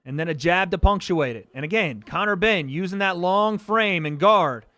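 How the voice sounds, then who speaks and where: A man's voice: sits high, normal speed, no room sound. A man hosting a livestream watch party, calling the punches live and swearing as the action builds. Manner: excitable, swearing, calls punches. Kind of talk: live fight commentary.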